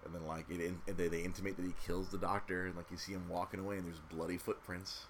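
A man's voice: low voice, flat delivery, fast talker, slight background noise. A man in casual chat recapping a movie, swearing freely and acting out quotes in silly voices.

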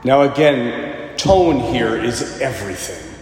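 A male pastor preaching a sermon in a church, swinging between loud emphasis and hushed moments. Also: mid-range voice, animated, slow. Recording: echoey hall with faint ambience.

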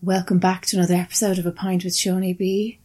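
A woman's voice: fairly low pitch, flat delivery, fast, warm tone, faint music behind. A woman co-hosting a podcast in casual banter, with dry, teasing remarks. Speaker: podcast co-host. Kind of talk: casual banter over drinks.

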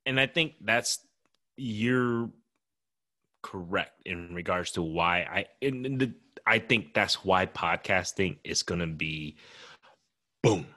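A man with a very deep voice speaks slowly and deliberately. His tone is bright and forceful, and he mostly answers with short agreeing remarks and reflective thoughts in casual chat. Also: animated. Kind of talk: casual conversation.

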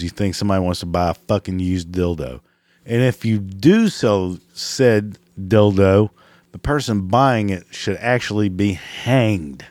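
A man's voice: lowish voice, darkish tone, no room sound. A man delivering a crude, exasperated comedic rant, laughing at his own jokes, his voice cracking. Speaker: comedic ranter.

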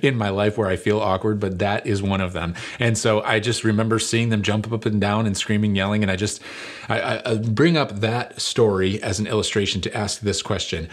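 A man's voice: on the low side, steady tone, fairly quick. A middle-aged male lead pastor delivering a conversational sermon, telling stories with fillers and self-deprecating humor.

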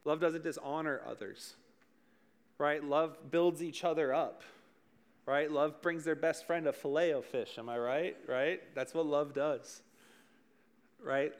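A man's voice: fairly high pitch, fairly even intonation, slow pace, long pauses. A young man preaching as a youth pastor, talking casually, joking, and asking his listeners questions. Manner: joking, conversational, addresses the room directly.

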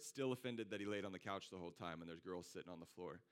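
Low-voiced man preaching with lively stories. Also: fast, hardly any pauses, smooth. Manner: animated, conversational, acts out quoted friends. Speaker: pastor. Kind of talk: sermon with storytelling.

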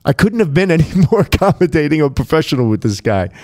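A man's voice: on the high side, fast. A man, a DJ, telling backstage stories in casual chat, swearing freely and acting out what others said. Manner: profane, animated, acts out quotes.

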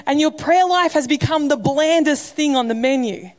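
A woman's voice: sits high, normal speed, hardly any pauses. A woman pastor giving a sermon in a conversational, humorous way. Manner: conversational, humorous preaching with acted quotes. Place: church.

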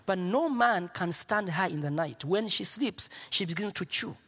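A man preaching as pastor, telling a story with repeated lines and swinging from hushed near-whispers to shouts. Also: high-pitched, lively intonation, moderate pace, breathy edge, long reverb tail. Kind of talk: sermon.

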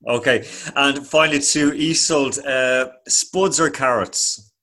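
Man hosting a sports panel, halting. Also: mid-range voice, pushed and bright. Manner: hesitant, many fillers and restarts. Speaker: host.

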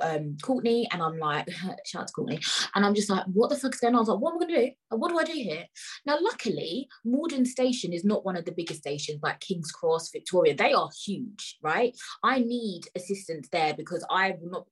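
A young woman with a London accent telling an animated, indignant story in a casual rant, full of swearing and slang. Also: lowish voice, husky, poor audio. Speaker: vlogger.

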